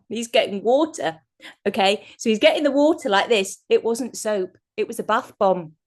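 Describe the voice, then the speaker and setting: Over a video call, a woman guest speaker gives a chatty, meandering online workshop presentation and frequently bursts into laughter. Her voice is high-pitched with a fairly bright tone.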